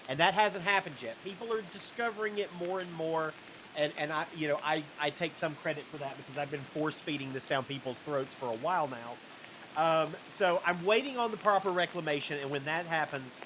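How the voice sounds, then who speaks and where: Male podcast guest, rambly and lively, somewhat high-pitched. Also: a little hiss or hum. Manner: rambling, animated, with frequent fillers. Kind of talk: casual podcast chat.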